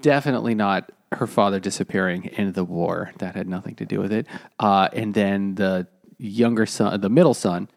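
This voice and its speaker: A man co-hosting a casual book podcast, recapping the plot haltingly with dry, sarcastic asides. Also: lowish voice, gravelly. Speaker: podcast co-host summarizing the book. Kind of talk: casual chat over beers.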